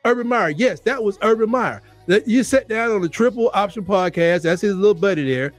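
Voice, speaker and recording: A man with a strikingly high voice hosts a sports talk show, ranting in a fired-up, animated way and hammering his points with repetition. Faint music plays underneath him. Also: fairly quick. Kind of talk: heated sports commentary rant.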